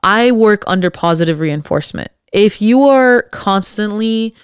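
Woman, solo podcast host, sassy and blunt with sarcastic wit; smooth, clean voice, dry close recording. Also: medium pitch, expressive, measured pace, dry recording. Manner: sarcastic, witty.

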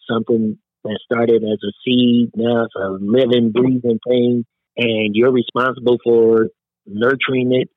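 Middle-aged male guest, earnest and chatty, mid-pitched voice, dry slightly dull recording. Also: no echo. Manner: earnest, peppers speech with "man". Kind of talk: casual interview talk.

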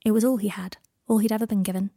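A woman narrating fan fiction as an audiobook, with measured, unhurried phrasing. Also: medium pitch, fairly even intonation, gravelly, warm tone, dry recording, clean studio sound.

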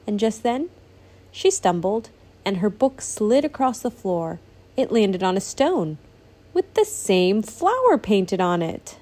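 A woman's voice: medium pitch, sing-song, takes it slowly, a little mellow. A woman reading a storybook aloud to her child, patiently stopping to answer questions.

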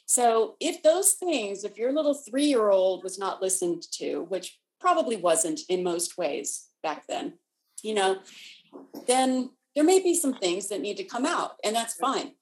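A woman co-hosting a casual spiritual chat, telling stories and explaining ideas in a steady conversational way. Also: mid-range voice, measured pace, low-quality recording. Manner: storytelling, acts out voices in anecdotes. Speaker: co-host.

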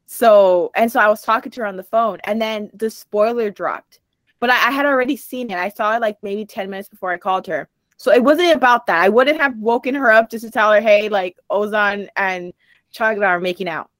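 A young woman co-hosting a podcast, telling a story in casual chat with lively acted-out dialogue and frequent laughter. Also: fairly high pitch, brisk, no room sound. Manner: animated storytelling, acts out quoted dialogue, laughs often. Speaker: podcast co-host. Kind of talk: casual chat recapping a TV show.

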